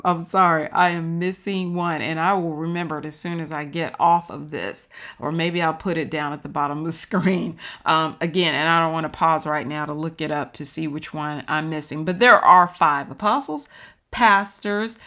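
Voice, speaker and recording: A woman's voice: fairly low pitch, a bit bright. A woman leading a casual Bible study, talking earnestly and directly to her viewers as she teaches.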